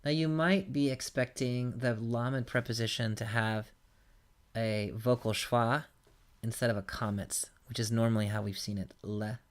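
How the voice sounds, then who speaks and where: A man's voice: medium pitch, fairly even intonation, normal speed. Patient male teacher explaining grammar. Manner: patient, explanatory, stepping through examples. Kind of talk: recorded lecture.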